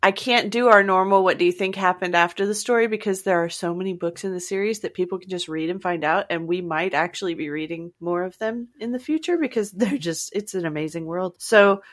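A woman's voice: lowish voice, fairly quick, few pauses. Upbeat woman podcast host. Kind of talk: casual chat and sign-off.

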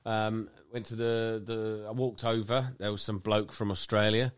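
A man's voice: fairly low pitch, flat delivery, normal speed, smooth. A man, co-hosting a podcast and telling crude, boisterous stories in casual banter. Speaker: podcast co-host.

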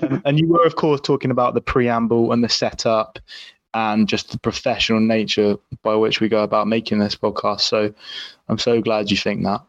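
A man's voice: lowish voice, fairly even intonation, normal speed, dry recording. Man co-hosting, dry dull studio sound. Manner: jokey, teasing banter. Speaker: podcast co-host. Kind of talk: casual podcast chat.

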